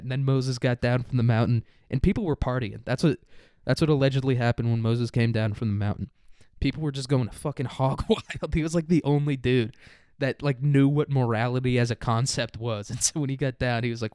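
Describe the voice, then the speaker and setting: Young man, comedy monologue, profane, rambling, smooth voice, dry sound. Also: medium pitch, fairly quick, a little mellow, no echo. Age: young adult. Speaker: comedy podcaster.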